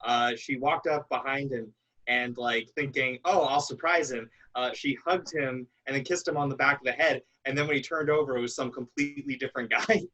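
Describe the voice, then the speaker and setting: Casting note: bright, slightly husky man, hesitant storyteller. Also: medium pitch, steady tone, dull audio. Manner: halting, lots of "uh" fillers. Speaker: improv comedy cast member. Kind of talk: casual group chat.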